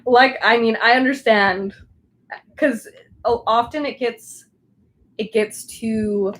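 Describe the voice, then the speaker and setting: A woman's voice: on the high side, steady tone, takes it slowly, a bit bright, low-quality recording. A young woman with a Southern Californian accent, chatting casually with a live stream audience while she crafts at home, rambling and full of restarts. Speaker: crafting livestreamer.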